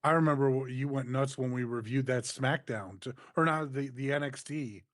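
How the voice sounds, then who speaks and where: A man's voice: medium pitch, normal speed, no echo, studio quality. A man co-hosting a wrestling review podcast, recapping events steadily and answering his partner with short agreeing replies. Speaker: co-host of wrestling review show.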